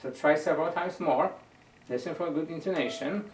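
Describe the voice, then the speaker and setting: A man's voice: on the high side, fairly quick, a little hiss or hum. A man teaching a violin lesson, patiently coaching and often repeating words as he searches for the right phrasing. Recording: roomy sound from a distant mic.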